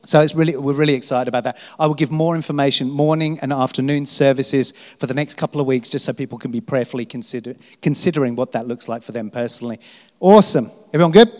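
A man's voice: mid-range voice, fast talker, a little mellow. A man making upbeat church announcements and asking the congregation questions. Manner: upbeat, enthusiastic, asks the crowd questions. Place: large church hall. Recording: long hall reverb.

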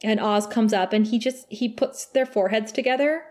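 A woman's voice: fairly high pitch, moderate pace, a little mellow. A woman co-hosting a casual podcast, recapping a TV episode in an emotional, gushing way and laughing often. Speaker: podcast co-host.

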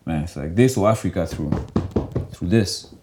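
A young man talking casually in an interview, loose and animated, and he fills his speech with "like.". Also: sits low, normal speed, noisy background. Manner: loose and animated, heavy filler "like". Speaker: guest.

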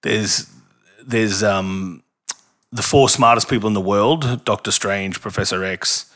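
A lower-pitched man with a bright, forceful tone. He chats casually and enthusiastically. His talk rambles along with plenty of fillers. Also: measured pace. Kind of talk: casual chat.

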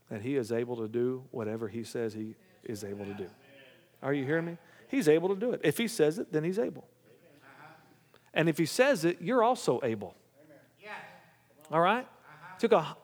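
A male pastor preaching a sermon, reading scripture aloud and then commenting, often checking in with the congregation. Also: fairly high pitch. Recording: long hall reverb.

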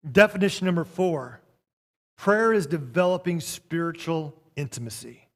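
A man preaching a sermon as pastor, reading scripture and telling a story, swinging between soft passages and loud ones. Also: a little high, expressive, normal speed.

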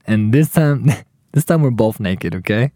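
A man's voice: mid-range voice, a little slow, no echo, clean studio sound. A young man casually telling a profane story to friends, acting out what everyone said. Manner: profane, animated, acts out quotes.

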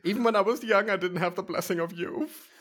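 A man's voice: high-pitched, fairly quick, a bit bright. A young man co-hosting a podcast, dramatic and playfully indignant in casual banter. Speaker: podcast co-host.

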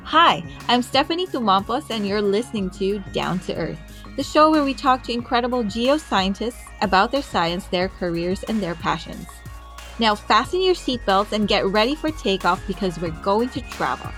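A woman's voice: medium pitch, lively intonation, moderate pace, a bit bright, soft background music. A woman hosting a podcast who interviews scientists in a bubbly, enthusiastic, chatty way. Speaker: podcast host.

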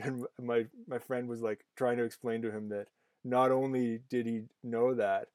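A man's voice: medium pitch, flat delivery, moderate pace, darkish tone, no echo. A man hosting a podcast in casual conversation, rambling with lots of fillers and restarts. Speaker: podcast host.

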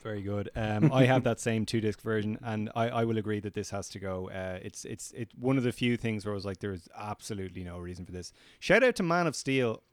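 A man's voice: fairly low pitch, a little fast, hardly any pauses, clear, resonant tone, no echo. Man co-hosting a film podcast. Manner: animated and opinionated, leads the segments. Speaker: podcast co-host. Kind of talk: casual film discussion.

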